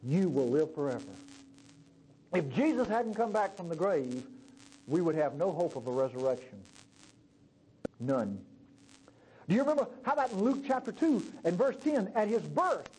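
Guy preaching a sermon, pretty high voice, keeps asking the congregation stuff like he's chatting with them. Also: sing-song, normal speed, pauses often, a little mellow, breathy edge, rough recording. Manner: conversational, asks the congregation questions. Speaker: pastor.

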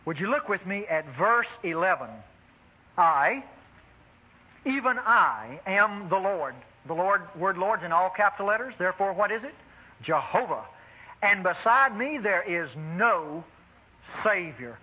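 A high-pitched, bright-toned man preaching a sermon with animated exclamations, calling his listeners beloved. His voice is a little husky, and the sound is dull and lo-fi like an old radio broadcast. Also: unhurried.

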